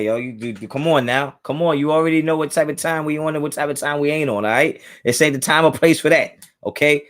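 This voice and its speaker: A man's voice: a little high, quick pace, hardly any pauses, fairly bright tone. A man hosting a casual livestream from home, talking in laid-back slang and greeting chatters by name. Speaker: livestream host. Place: home, kids in another room.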